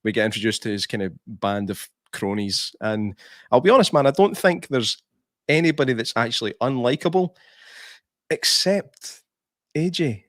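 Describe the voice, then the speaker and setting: A man's voice: mid-range voice, expressive, normal speed, no room sound, studio quality. A man, co-hosting a podcast in a casual film review chat, laughing often and restarting his sentences. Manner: chatty, laughs often, many restarts and fillers. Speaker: podcast co-host.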